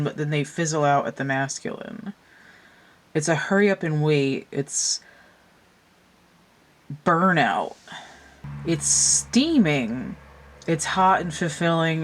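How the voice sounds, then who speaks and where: A woman giving a casual tarot reading, thinking aloud and wandering into asides. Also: low-pitched. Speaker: tarot reader.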